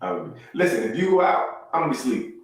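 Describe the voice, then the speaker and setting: A man's voice: medium pitch, big pitch swings, fast talker. A male podcast host chatting casually, laughing often and acting out little scenes with quoted lines. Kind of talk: casual chat. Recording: echoey room, far from mic.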